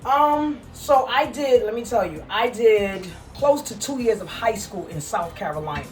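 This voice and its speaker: A woman whose accent blends Brooklyn with the South talks lively and casually at home. Her voice sits a little back from the mic, with soft music playing behind her. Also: on the high side, unhurried, recorded from a distance. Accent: mixed Brooklyn and Southern. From New York. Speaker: fashion collector showing her pieces. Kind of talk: casual chat on camera. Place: home kitchen.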